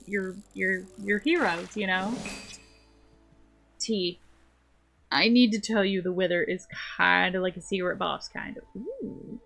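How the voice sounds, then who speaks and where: Unhurried, playful woman streamer. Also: mid-range voice, gravelly, a bit bright, faint music behind. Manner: playful, rambling, chatty. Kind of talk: casual gameplay chat.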